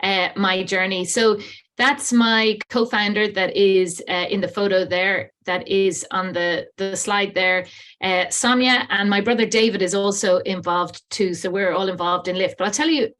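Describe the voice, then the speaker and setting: A woman's voice: medium pitch, fairly even intonation, measured pace, fairly bright tone. A woman in her fifties with an Irish accent, speaking graciously as a guest presenter to an online group. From Ireland. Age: 50s.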